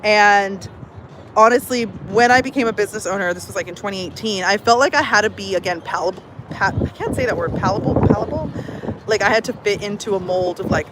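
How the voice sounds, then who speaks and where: A woman's voice: mid-range voice, quick pace. Woman, thirties, bubbly, chatty, casual livestream, phone mic, faint outdoor traffic noise. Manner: bubbly, chatty, many fillers. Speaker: personal growth coach.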